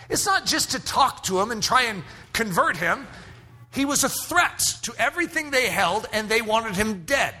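A man preaching a sermon as pastor, emphatic and rising to shouts at his strongest points. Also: high-pitched. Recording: hall reverb.

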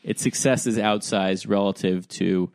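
A man's voice: lowish voice, steady tone, a little slow, a little mellow, smooth, no room sound, studio quality. Rambling young man telling a comedic story. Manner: rambling, full of "like" and "um", self-deprecating. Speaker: podcast co-host.

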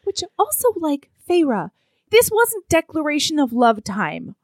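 A woman co-hosting a casual chat, retelling a book's plot with animated delivery and acting out characters' lines. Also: high voice, a little slow, no echo, clean studio sound. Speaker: podcast co-host recapping a book.

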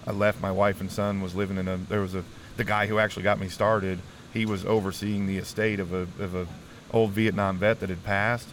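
A middle-aged man with a lowish voice tells his own story as an interview guest, earnest and emotional. He restarts his sentences often and keeps saying "man." A faint background noise sits under the recording. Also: little pitch movement, a little fast. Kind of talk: candid personal testimony.

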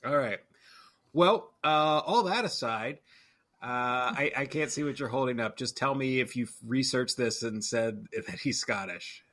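A man's voice: mid-range voice, expressive, measured pace, fairly bright tone. A man hosting a casual movie podcast, rambling and correcting himself as he talks. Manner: rambling, self-correcting, chuckling. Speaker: podcast host.

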